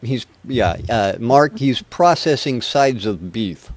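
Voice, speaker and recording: A man's voice: medium pitch, lively intonation, slow, no echo. Male host, American, casual and rambling, dry close sound. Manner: chatty, rambling, self-deprecating. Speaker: show host. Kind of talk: casual live webcast hosting.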